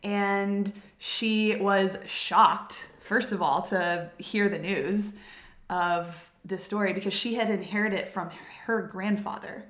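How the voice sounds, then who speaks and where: A woman's voice: mid-range voice, steady tone, slow, fairly bright tone. Giggly Southern woman telling a story. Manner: giggly, chatty, stumbles over names. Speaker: podcast host. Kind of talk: casual storytelling chat. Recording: echoey room.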